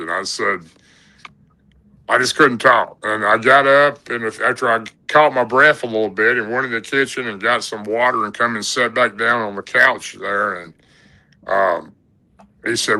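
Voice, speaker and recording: A man's voice: lowish voice, normal speed, bright, forceful tone, rough recording. A man telling a long personal story in a rambling, folksy way, with many "and, uh" fillers, as a podcast guest. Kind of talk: casual storytelling.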